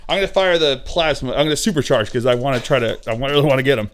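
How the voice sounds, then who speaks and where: A man hosting a tabletop battle report, narrating moves and dice rolls in a playful way and often laughing. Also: rapid-fire. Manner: playful, laughs often, puts on silly high voices for miniatures. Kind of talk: casual narrated play-by-play.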